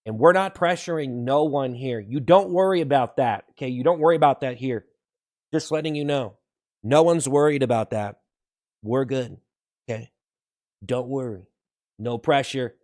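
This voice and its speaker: A man hosting a live stream in a comic, mock-sincere hype style, repeating slogans, whooping loudly and then dropping into slow, hushed earnestness. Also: mid-range voice.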